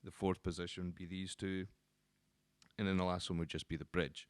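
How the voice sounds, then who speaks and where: A man with a lowish, smooth, clear voice walks through the parts of a guitar in a relaxed teaching manner. He talks loosely, pausing on ums and restarting phrases. The sound is close and dry, with no room around it. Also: no echo. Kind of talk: casual instructional explanation.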